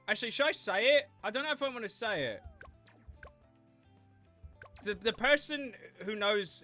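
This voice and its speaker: Streamer, chatty and giggly, bright voice swinging all over, faint music behind. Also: mid-range voice. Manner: chatty, animated, laughs often. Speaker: gaming livestreamer. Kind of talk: casual livestream commentary.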